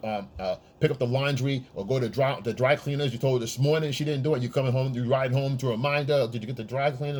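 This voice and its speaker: A man giving blunt, profane dating advice in a casual monologue, often checking in with the listener. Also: mid-range voice. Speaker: men's dating coach.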